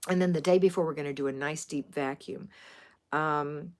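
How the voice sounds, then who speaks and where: A middle-aged woman from Florida hosts a homemaking livestream in a relaxed, rambling way. Her voice sits a little low for a woman. She chats casually and turns to answer viewers' comments. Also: normal speed. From Florida, USA.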